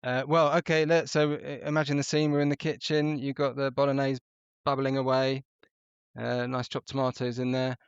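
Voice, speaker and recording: A man's voice: mid-range voice, little pitch movement, normal speed, smooth, no room sound. A man with an English accent, a podcast guest chatting in a wry, hesitant way with plenty of ums. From England. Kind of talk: casual podcast chat. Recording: dull lo-fi remote audio.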